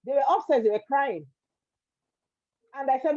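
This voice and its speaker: A Nigerian woman with a fairly high voice tells her story in an interview. She speaks earnestly and repeats key words for emphasis. The sound is dry and a little muffled. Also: moderate pace, warm tone, no room sound. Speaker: guest entrepreneur.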